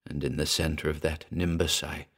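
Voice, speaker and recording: A man narrating a first-person horror story in a slow, grave, measured delivery. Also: very deep voice, flat delivery, a bit bright. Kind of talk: dramatic horror story reading.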